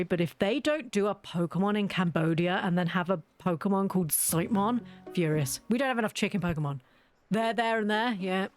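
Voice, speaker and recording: A young woman who makes gaming videos talks casually while playing, ranting and laughing a lot. Her voice is medium-pitched and the recording is dry.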